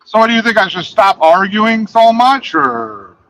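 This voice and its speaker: A man's voice: sits high, very animated, normal speed, a bit bright, highs cut off, a little hiss or hum. A young man in casual podcast chat who fills his talk with "like" and curses. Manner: filler-heavy, full of "like", profane. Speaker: podcast co-host, trucker.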